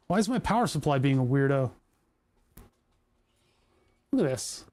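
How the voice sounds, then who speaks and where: A man's voice: mid-range voice, very animated, normal speed, a little mellow. A man who streams on Twitch, chatting casually to himself while tinkering at his workbench, grumbling and joking.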